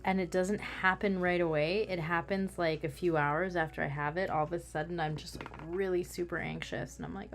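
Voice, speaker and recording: A woman's voice: fairly low pitch, fairly even intonation, brisk, hardly any pauses, faint music behind. A woman craft vlogger chatting casually while she works, rambling with self-mocking humor.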